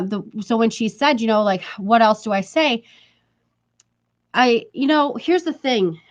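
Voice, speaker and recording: A woman's voice: fairly high pitch, dull audio. A woman talking casually to her viewers, chatty and emphatic, repeating her points and laughing between them. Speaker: vlogger. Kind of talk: casual talk to camera.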